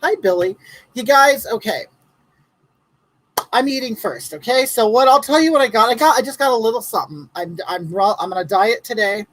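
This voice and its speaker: A woman's voice: fairly high pitch, expressive, normal speed, low-quality recording. A woman hosting a comedic live stream, chatting in a campy way and greeting viewers by name.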